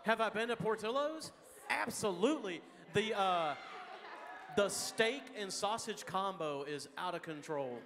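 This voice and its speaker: During a school chapel, a Texan man answers student questions in a casual, joking, folksy way. His voice is high-pitched and a bit bright, with lively intonation and a slightly slow pace, and the chapel hall is reverberant.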